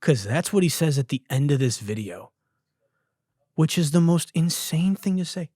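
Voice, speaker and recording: A man's voice: a little high, expressive, moderate pace, dark tone, no echo, studio quality. A young man hosting a comedy podcast, riffing on viral videos in a casual, profane, laughing way. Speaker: podcast host.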